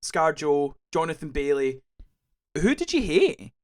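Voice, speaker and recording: A young man talks in a casual podcast chat. His voice sits a touch higher than most men's, and he gets worked up and emphatic, peppering his points with swearing. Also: a little slow. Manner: excitable, emphatic, swears freely. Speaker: podcast co-host.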